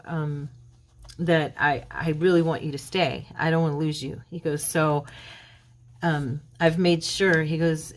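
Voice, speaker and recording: A woman hosting a craft channel, telling a long story casually while she works, acting out the quoted lines in a brighter, higher voice. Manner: chatty retelling, acting out quoted dialogue in a lifted voice; loose, rambling, with fillers and restarts. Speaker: mixed-media craft channel host.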